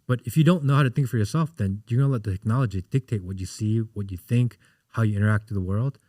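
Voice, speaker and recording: A man in his thirties, a podcast guest, chatting casually and telling animated stories in which he acts out what people said. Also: on the low side, fast talker, no echo, clean studio sound. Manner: animated storyteller, acts out quotes. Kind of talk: casual interview chat.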